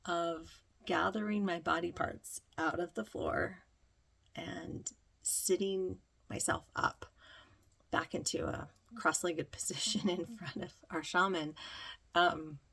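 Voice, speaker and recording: A woman telling a reflective personal story, slow and dreamy, with many ums. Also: fairly low pitch, steady tone, a bit bright. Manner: slow, dreamy, breathy with frequent ums and laughter. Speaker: spiritual vlogger.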